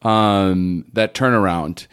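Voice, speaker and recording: A man hosting a podcast interview, talking in a reflective, halting way with frequent restarts. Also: low voice, fairly bright tone, clear, resonant tone. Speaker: podcast host. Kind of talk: conversational interview.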